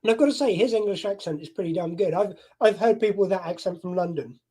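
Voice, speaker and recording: A man's voice: high-pitched, fast, warm tone, breathy edge. A man from the United Kingdom, hosting a casual chat in a wry, teasing manner.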